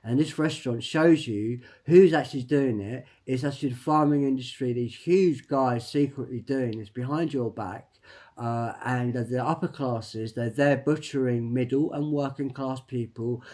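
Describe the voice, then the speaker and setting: A man at a mid-range pitch delivers a rambling personal monologue. He stops and restarts often and repeats words. He presses his points and keeps tagging them with a quick "right?". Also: warm tone. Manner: emphatic, tags lines with "right?". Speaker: vlogger.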